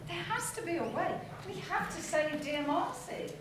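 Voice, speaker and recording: Older woman as a high, fluttery, prim old actress, echoey hall heard from afar. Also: lively intonation, normal speed. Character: fussy old actress, flustered and scheming. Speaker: stage actor in an amateur play. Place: theatre stage. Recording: echoey hall, far-off mic, noise.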